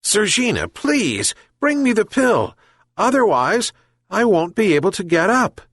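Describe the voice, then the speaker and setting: A man playing a kindly old fisherman who calls out loudly to his dog and cat. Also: fairly high pitch, wildly swooping pitch, a little slow, dry recording, clean studio sound, voice pushed up, exaggerated voice. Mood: pleading. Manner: calling out loudly.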